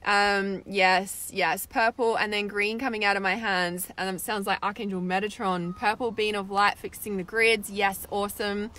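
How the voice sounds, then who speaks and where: A woman's voice: mid-range voice, flat delivery, moderate pace, hardly any pauses, bright, forceful tone. A young woman, hosting a spiritual livestream and chatting casually as she reads viewer comments, with lots of "like" and "right?". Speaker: spiritual meditation host reading live comments.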